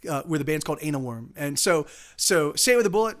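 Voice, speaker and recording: A man's voice: on the high side, animated, fast. A man musician chatting casually on his live stream, rambling with many restarts, cursing and greeting viewers. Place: home streaming setup in Austin.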